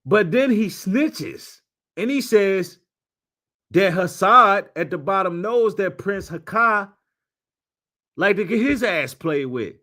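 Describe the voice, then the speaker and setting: A man commentating on video clips in a casual, mocking way, swinging between low mutters and loud outbursts. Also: lively intonation, slow.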